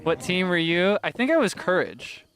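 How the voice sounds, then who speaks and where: Playful, slightly high-voiced male streamer. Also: very animated, moderate pace, a bit bright, soft background music. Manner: playful, chatty, laughs often. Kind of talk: casual gameplay commentary.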